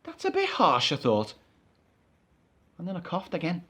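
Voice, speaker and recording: A man's voice: a little high, huge pitch swings, normal speed, sharp tone. A man performing a comic stage monologue as a chatty, exasperated storyteller. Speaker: actor.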